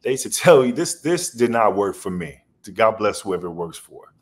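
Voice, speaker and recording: A man's voice: fairly low pitch, sing-song, normal speed. A man guest on a podcast, telling rambling stories in a loose, slangy way. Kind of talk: casual storytelling interview.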